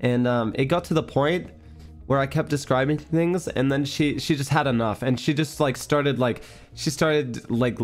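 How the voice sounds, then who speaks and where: A man's voice: medium pitch, normal speed. Congested young guy streaming from home, rambly chat, lots of ums, faint music under it. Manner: rambling, laughs often, many fillers. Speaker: livestream host. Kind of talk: casual chat storytelling.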